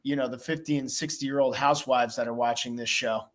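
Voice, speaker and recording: A man hosting a casual podcast chat, talking in an animated, profane way and acting out quotes. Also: medium pitch, fairly quick. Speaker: podcast host.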